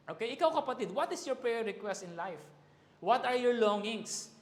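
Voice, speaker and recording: A man's voice: extremely high pitch, expressive, a little fast. A man preaching a sermon, mixing English and Tagalog and raising his voice for quoted cries. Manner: switches between English and Tagalog, rises to loud emphasis on quoted cries. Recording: echoey hall reverb.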